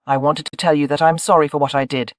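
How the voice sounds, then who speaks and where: A narrator voicing a young woman who speaks softly and humbly to her family, in an audiobook. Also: medium pitch, expressive, fairly quick, dry recording, studio quality, close to an everyday voice. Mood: soft, contrite. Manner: soft, humble. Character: young woman, contrite, struggling with pride.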